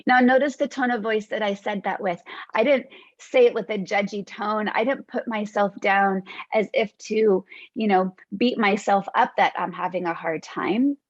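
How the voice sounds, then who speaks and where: A woman hosting a reflective podcast monologue, speaking in a gentle, reassuring way as a counselor to her listeners. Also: medium pitch, steady tone, no room sound, lo-fi sound. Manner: gentle, reassuring, unhurried lists.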